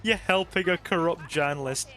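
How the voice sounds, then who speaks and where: A man's voice: on the high side, normal speed, bright, forceful tone, soft background music. A man giving casual let's-play commentary, chatty and joking, swearing casually and talking to his viewers. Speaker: gaming channel host.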